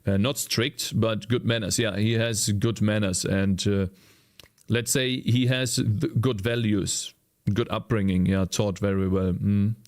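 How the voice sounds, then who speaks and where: A man's voice: fairly low pitch, steady tone, unhurried, a little mellow. A man with a German accent, a native German speaker, chatting casually with viewers during a live coding stream, rambling and searching for English words. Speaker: streamer and indie game developer.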